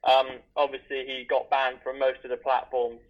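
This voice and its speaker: A man's voice: medium pitch, monotone, moderate pace. A young man on a podcast, matter-of-fact. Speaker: podcast co-host. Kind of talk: casual podcast chat. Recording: dull lo-fi audio.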